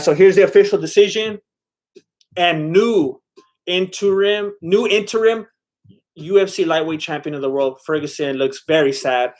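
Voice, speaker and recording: A man giving casual, chatty live commentary on a fight broadcast, laughing often as he relays the post-fight interview. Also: fairly high pitch.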